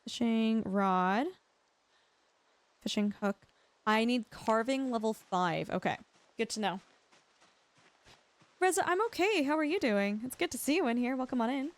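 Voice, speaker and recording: A young woman talking through a live game stream, higher-pitched than most, chatty and quick to greet her viewers by name as she plays. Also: animated.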